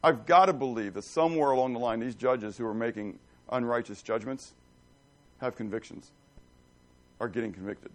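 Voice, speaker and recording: A man's voice: mid-range voice, moderate pace, pauses often. A middle-aged man preaching a conversational sermon, telling folksy stories and checking in with the congregation with questions. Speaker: pastor.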